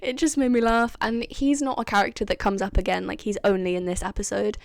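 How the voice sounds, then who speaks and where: A woman's voice: mid-range voice, steady tone, fast, gravelly, no echo, clean studio sound. A woman vlogging in a casual, chatty way, laughing often and acting out lines she quotes. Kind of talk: casual chat.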